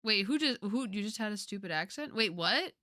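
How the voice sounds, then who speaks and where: Bright, lively woman streamer, excitable. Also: medium pitch, a little fast, no room sound, studio quality. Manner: excitable, laughs often, talks to herself. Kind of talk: casual game stream commentary. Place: home streaming setup.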